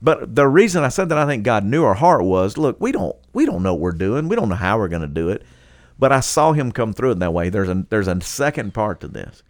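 Pastor guy, lowish voice, dry close sound, tells stories w lots of laughs. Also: a little fast, dry recording. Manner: animated, laughs often, acts out quotes. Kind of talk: casual podcast storytelling.

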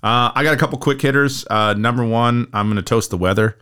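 A man's voice: mid-range voice, brisk, fairly bright tone, smooth. A man co-hosting a casual podcast, talking in an easygoing, agreeable way. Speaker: podcast co-host.

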